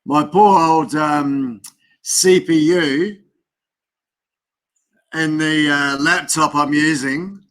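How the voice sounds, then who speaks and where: An Australian man with a somewhat high voice hosts a casual live stream from his computer. He rambles and talks half to himself as he fiddles with his gear, full of easygoing chatter. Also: fairly even intonation, extremely slow, long pauses, a bit bright. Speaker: livestream host.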